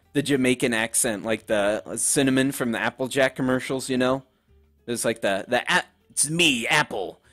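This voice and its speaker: A young man commenting on a game he is playing, joking and offhand. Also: medium pitch. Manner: wisecracking, offhand. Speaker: let's play gamer.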